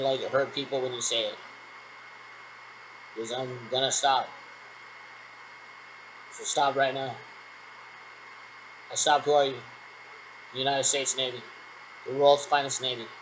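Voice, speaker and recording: Speaking with a bright, forceful tone at medium pitch, a man rambles through a solo role-play of radio checks with imagined callers, repeating "actually" again and again. He's a vlogger, and the low-quality audio carries a little hiss or hum.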